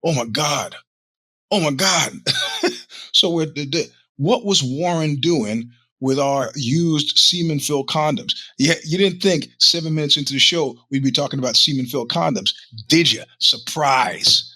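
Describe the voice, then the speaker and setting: Middle-aged guy hosting his show, cussing and restarting a lot, bright punchy tone. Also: a little high, moderate pace, dry recording. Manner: profane, rambling, many restarts. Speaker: podcast host. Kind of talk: casual storytelling monologue.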